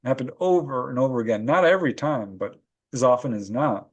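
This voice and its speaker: A middle-pitched male guest, a paranormal author and researcher, swaps stories on a podcast in a loose, conversational way. He speaks a little fast, animated and laughing often, and the recording sounds muffled.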